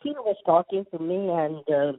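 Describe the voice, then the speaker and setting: Older Indian-accented actor, rambling storyteller who stammers through restarts; dry, tinny phone-line sound. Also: male voice, fairly high pitch, lively intonation, moderate pace, no room sound. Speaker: guest actor. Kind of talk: casual interview storytelling.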